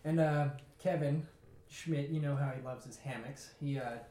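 A young man casually telling a story in a lively way, acting out what people said. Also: a little high, moderate pace, a little hiss or hum. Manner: animated, laughing, acts out quotes. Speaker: podcast co-host telling a story. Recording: echoey room.

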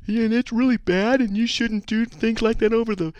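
A man putting on a whiny, nagging male listener with a high, pinched voice. He drones on in a mocking, complaining sing-song on a talk radio show. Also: fairly even intonation, brisk, a little mellow, no echo, rough recording. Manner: mocking whine.

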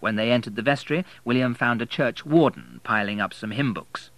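A male narrator reading a novel aloud with a measured, expressive delivery. His pitch rises and falls widely, and the recording is dry and close. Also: no room sound, rough recording. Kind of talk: audiobook narration.

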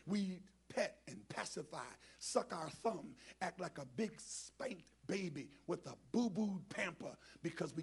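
Gravelly high-voiced preaching bishop. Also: male voice. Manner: swings from low muttered asides to shouted preaching. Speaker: bishop preaching as guest speaker. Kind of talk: black church sermon with call and response. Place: church sanctuary with congregation.

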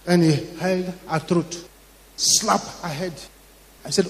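A man with a Ghanaian English accent preaching a sermon, telling a story dramatically, acting out the voices in it and rising to shouts. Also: high-pitched, a little slow. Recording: long hall reverb.

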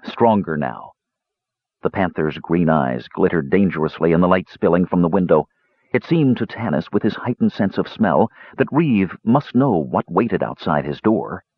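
A man narrates a fantasy story in a low, husky voice that moves up and down a lot. The recording is dull and dry, with no room sound. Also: no echo. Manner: measured storytelling, lively pitch. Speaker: audiobook narrator.

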